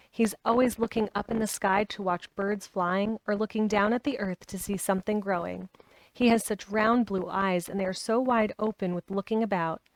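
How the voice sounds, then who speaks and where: A woman's voice: medium pitch, no room sound, close to an everyday voice. A woman reading aloud voices a blunt, stubborn young girl who speaks plainly and obstinately. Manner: plain, obstinate, matter-of-fact.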